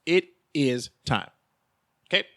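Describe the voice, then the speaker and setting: A man's voice: on the high side, slow, pushed and bright. A man hosting his own show, talking in an emphatic, preachy rant and repeating his points. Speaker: host. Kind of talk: fired-up vlog rant.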